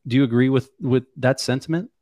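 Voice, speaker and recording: A man hosting a podcast, reflecting in a measured way and asking thoughtful follow-up questions. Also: mid-range voice, steady tone, darkish tone, no room sound. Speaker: podcast host. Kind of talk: interview conversation.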